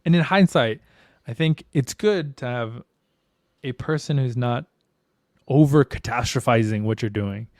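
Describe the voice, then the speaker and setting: Man, podcast co-host, casual chat, candid, swears a lot, smooth clear voice, dry close sound. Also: medium pitch, a little slow, darkish tone, dry recording. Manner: candid, swears freely, slangy.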